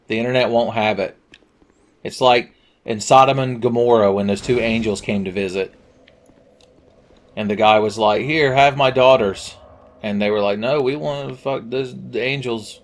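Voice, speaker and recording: A man giving casual, crude, joking commentary over a video game and yelling at it at times. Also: lowish voice. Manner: crude, jokey, yells at the game. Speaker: Let's Play commentator.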